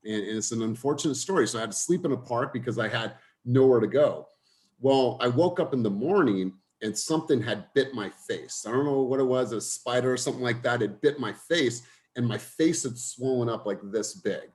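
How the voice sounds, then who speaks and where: A man's voice: mid-range voice, expressive, a little fast, a little mellow. Man telling his story to a coaching group. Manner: earnest storytelling, addresses group directly.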